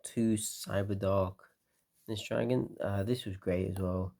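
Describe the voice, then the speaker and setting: A tired man talks casually through a card game deck, relaxed and rambling, with lots of fillers. His voice is low and creaky, and he takes it slowly.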